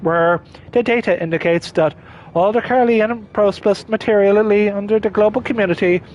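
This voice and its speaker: A man's voice: high voice, slight background noise, natural voice, poor audio. A man voicing a precise, formal male machine unit that runs a cafe, reading game dialogue in clipped, clinical phrasing. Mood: polite.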